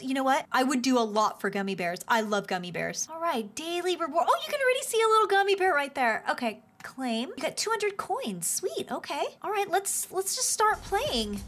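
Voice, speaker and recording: Very high, bubbly woman gaming host. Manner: bubbly, excitable, gushing. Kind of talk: gaming commentary. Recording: game music behind voice.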